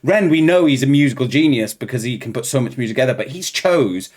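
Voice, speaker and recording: Excitable guy reacting, swearing. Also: mid-range voice, fast talker. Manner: swearing, excitable, laughing often. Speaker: reaction channel host. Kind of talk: casual reaction chat.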